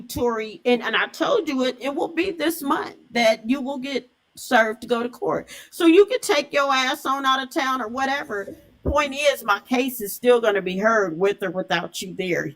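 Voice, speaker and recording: A woman, a mother, speaking bluntly and confrontationally on a livestream. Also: fairly high pitch. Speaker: mother in a family dispute. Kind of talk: live-stream talk.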